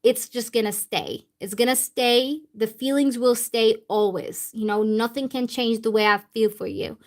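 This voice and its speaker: A woman's voice: a little high, fairly even intonation, normal speed. A woman tarot reader speaking channeled messages in the first person, repetitive and emphatic, with casual swearing.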